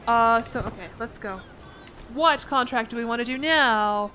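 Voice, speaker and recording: A woman streaming a game, chatting casually in a rambling, jokey way full of quick asides. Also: fairly high pitch, pushed and bright, faint music behind. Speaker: VTuber streamer. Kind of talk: casual livestream commentary while gaming.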